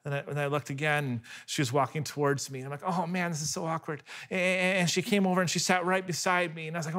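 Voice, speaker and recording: A man in his thirties preaching a sermon, telling a story with animated delivery, often restarting on repeated words. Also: on the high side, fast talker, few pauses. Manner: animated storytelling, voice rising when excited and dropping soft for quiet moments. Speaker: pastor.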